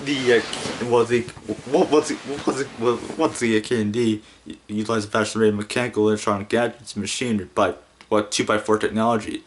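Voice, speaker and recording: A man hosting a casual podcast monologue, rambling and stumbling over his words while giggling often. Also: fairly low pitch. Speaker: podcast host.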